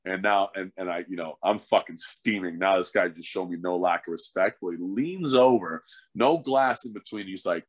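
A man's voice: low-pitched, normal speed, no room sound. A middle-aged man, a former hockey fighter turned coach, telling stories in a casual, profane podcast chat. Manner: profane, animated storyteller.

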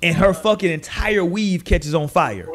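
A male podcast host with a voice pitched a little high. He tells stories in loose, profane, animated chat. He slips into quick impressions of the people he talks about. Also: a little hiss or hum.

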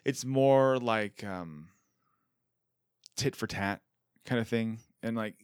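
A man in his thirties hosting a podcast, chatting casually with quick self-deprecating jokes. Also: on the low side, smooth, dry recording, clean studio sound. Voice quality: animated, jokey, self-deprecating. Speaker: podcast host. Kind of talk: casual chat.

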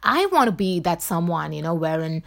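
A woman's voice: on the low side, sing-song, normal speed, vocal fry. A woman from India with a Bombay accent, talking on her solo podcast in an insistent, emphatic way, full of "you know" fillers. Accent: Bombay Indian English. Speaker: podcast host.

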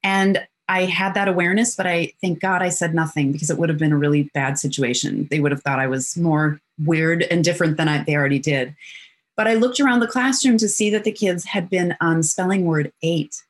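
A middle-aged woman with a somewhat low voice talks as an interview guest. She recounts personal stories openly and vividly, and she briefly plays the other people in them as she goes. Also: brisk. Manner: animated storyteller who acts out quotes.

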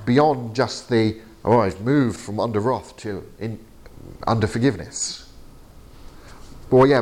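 A man lecturing to a class in a halting, chatty way, with many fillers and restarts. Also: fairly low pitch, a little mellow. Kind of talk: teaching session. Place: lecture room.

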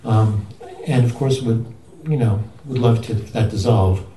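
A man asking a long, halting question at a retreat, often restarting and searching for his words. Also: lowish voice, mellow, reverberant, far from the mic, poor audio. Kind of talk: rambling spoken question.

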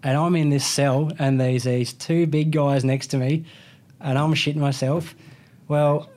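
A slightly high, steady, darkish voice belongs to an Australian man in his thirties who races motorcycles, and he speaks a little slowly. In casual conversation he tells a rambling story full of slang, restarting and correcting himself along the way.

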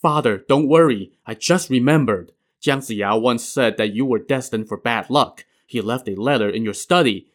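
An earnest, tearful young son, as a male narrator voices him. He speaks eagerly, in a mid-pitched voice. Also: moderate pace, few pauses, close to an everyday voice.

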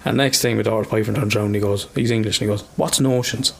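A middle-aged man with an Irish accent, talking casually on a podcast. He tells stories with lively energy and drops swear words freely. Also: lowish voice, rapid-fire, gravelly, breathy edge. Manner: swears freely, animated storytelling. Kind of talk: casual chat.

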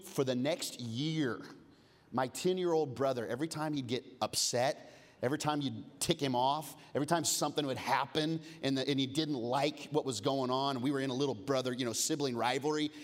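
A man in his forties preaching a sermon as a pastor, telling lively, humorous stories that swing between loud bursts and low, hushed moments. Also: normal speed. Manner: lively storytelling, humorous asides. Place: church auditorium. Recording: long reverb of a large hall.

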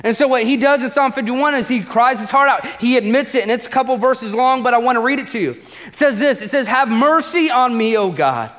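A man preaching a sermon in a church auditorium, his fairly high voice ringing with a long hall reverb. He talks conversationally, repeating key lines for emphasis. On serious points he sinks to a soft, low murmur. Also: fast. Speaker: pastor.

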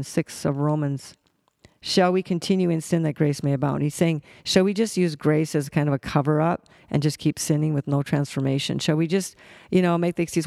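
Reading scripture aloud, a man who teaches the Bible speaks haltingly, full of fillers, restarts and backtracking. His voice sits slightly high for a man, gravelly with vocal fry and a little mellow. It's recorded dry and close, with no echo.

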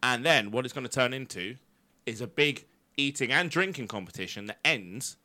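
A man, co-hosting a podcast in casual comedic chat, playful and bawdy as he pitches absurd ideas. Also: lively intonation, normal speed, pushed and bright. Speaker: podcast co-host.

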